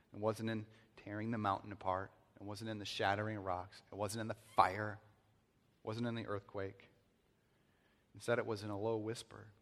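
A man preaching a sermon, acting out scripture with loud pleading bursts and hushed, reverent passages. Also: lowish voice. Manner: dramatic, swings from loud acted pleading to hushed reverent tones. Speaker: pastor. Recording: long hall reverb.

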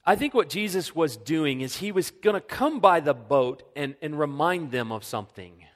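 Male pastor, earnest sermon delivery, slightly high voice, long church-hall reverb, hushes for quoted lines. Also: lively intonation, normal speed. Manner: earnest, drops to a soft hush when quoting God.

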